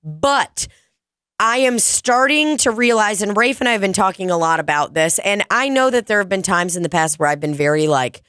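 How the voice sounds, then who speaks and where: A woman co-hosts a casual podcast, speaking bluntly and swearing freely. Her voice sits at an ordinary pitch. The recording is dry and close. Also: animated, moderate pace, a bit bright, smooth, no room sound. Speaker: podcast co-host.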